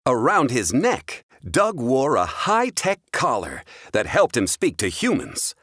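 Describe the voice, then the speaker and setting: A man reads a children's adventure story aloud in a clear, expressive way. His pitch swings widely and animatedly, and the recording is close and completely dry. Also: measured pace, no echo. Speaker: storybook reader.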